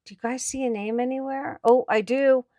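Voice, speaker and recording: A woman's voice: high-pitched, fairly even intonation, brisk, dark tone, no room sound. A woman host chatting on camera at an estate sale, showing finds to viewers with chatty enthusiasm. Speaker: antiques picker and channel host. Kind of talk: casual on-camera commentary.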